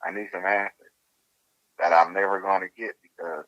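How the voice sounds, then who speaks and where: A man with a Louisiana accent, telling his story as a guest in a casual interview, in a colloquial and animated way. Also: low-pitched, moderate pace, muffled recording. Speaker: guest researcher.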